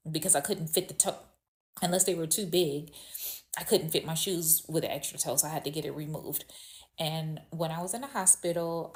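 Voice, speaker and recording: A woman with a somewhat low voice tells a childhood dream story in a loose, conversational way. She rambles, restarts her sentences and fills pauses as she goes. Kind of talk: casual storytelling to camera.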